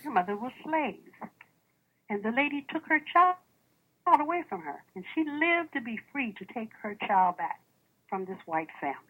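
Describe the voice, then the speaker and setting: A woman's voice: fairly high pitch, moderate pace, narrow, tinny audio. A woman preaching a sermon, asking the congregation questions and reading old first-person accounts aloud as stories. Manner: animated, with rhetorical questions to the congregation. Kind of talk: sermon with storytelling.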